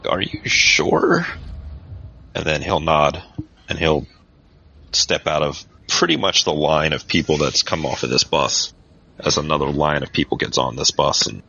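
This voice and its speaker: Very deep-voiced man game master. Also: sharp tone. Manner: casual, filler-heavy description. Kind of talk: narrating a tabletop game. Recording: dull lo-fi podcast audio.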